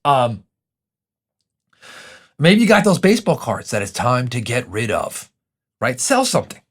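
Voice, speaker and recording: A man's voice: mid-range voice, big pitch swings, a little slow, husky. A man hosting a podcast, coaching listeners on finances in an emphatic, direct way. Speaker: podcast host. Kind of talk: motivational podcast talk.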